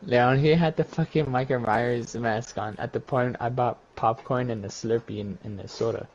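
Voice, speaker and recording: A man's voice: medium pitch, steady tone, normal speed, a little mellow, a little hiss or hum. A man in casual chat, telling a profane story between bursts of laughter. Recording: dull, muffled lo-fi audio.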